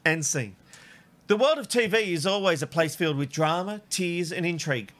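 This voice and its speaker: A man's voice: a little high, animated, moderate pace, a bit bright. A man co-hosting a casual chat show, reading listener comments aloud and joking and laughing often. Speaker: co-host reading listener feedback.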